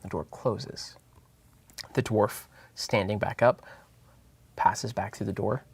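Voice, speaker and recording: Halting man narrating as game master. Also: on the low side, steady tone, husky, no room sound. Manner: loose, halting narration with fillers.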